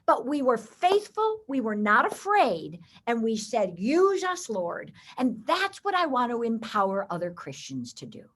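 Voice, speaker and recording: Lively high-pitched woman telling faith stories. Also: moderate pace, few pauses. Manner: expressive, acts out quoted voices. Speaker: guest storyteller. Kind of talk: animated faith storytelling.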